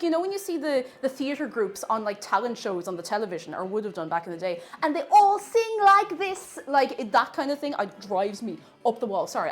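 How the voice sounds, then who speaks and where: A young Irish woman with a fairly high voice that swoops up and down as she talks. She rambles happily through a live baking stream, laughing and reading chat aloud. Faint music plays softly behind her. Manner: animated, rambling and laughing, reads out chat messages.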